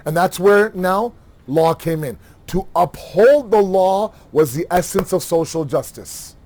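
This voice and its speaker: A man giving a religious lecture, animated, asking rhetorical questions and acting out everyday dialogue. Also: sits high, a little slow. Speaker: Muharram lecturer.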